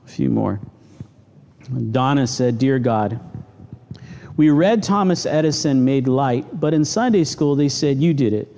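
A middle-aged man, a pastor, preaching a sermon in a church and telling stories with sudden animated outbursts. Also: a little high, measured pace. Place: church sanctuary.

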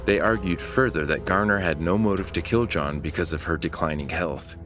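Deep-voiced man narrating over music. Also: brisk. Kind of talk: scripted narration.

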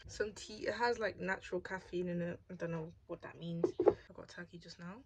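A woman's voice: fairly low pitch, steady tone, brisk, background noise. A young woman chatting casually in a vlog, tired and talking while she eats. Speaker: vlogger.

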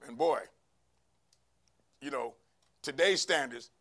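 A man preaching a sermon to a church congregation, calling for responses from the crowd and rising to shouts. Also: medium pitch, slow pace. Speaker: pastor. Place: church sanctuary.

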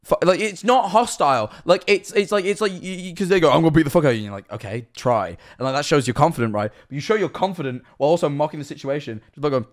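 Swearing young streamer, lively. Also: male voice, a little high, fast talker, hardly any pauses. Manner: swears freely, rambling, laughs often. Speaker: streamer reacting to videos. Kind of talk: casual reaction commentary.

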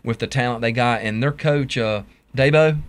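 A man with a Southern US accent co-hosting a casual sports talk show, excitable and often trailing off to restart his thought. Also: medium pitch, normal speed.

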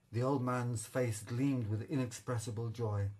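A man narrating a classic story in a measured, literary reading style. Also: mid-range voice, steady tone, a little mellow, poor audio. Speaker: audiobook reader. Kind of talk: scripted narration.

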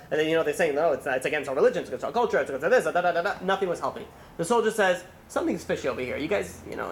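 Fast, rambling man giving a sermon. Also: fairly high pitch, a little hiss or hum. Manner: fast, rambling storyteller with many restarts and fillers. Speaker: rabbi. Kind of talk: holiday sermon with a story.

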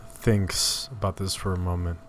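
A man describing scenes in a tabletop role-playing game in a measured way. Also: low-pitched, fairly even intonation. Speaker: player. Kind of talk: tabletop role-play narration.

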